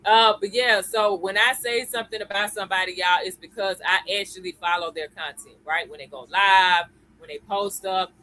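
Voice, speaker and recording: A woman's voice: mid-range voice, fairly even intonation, moderate pace, hardly any pauses, sharp tone, low-quality recording. A woman hosting a live-stream lesson. She talks in a chatty way, greets viewers by name and keeps checking in with "okay?" and "y'all.". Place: at home computer.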